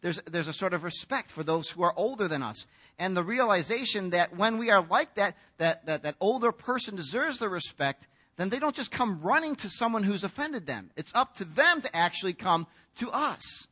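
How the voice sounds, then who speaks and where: A man's voice: sits high, lively intonation, normal speed, bright, forceful tone, breathy edge. An American man preaching a sermon in a conversational storytelling way, acting out the voices in the story. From United States. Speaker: pastor.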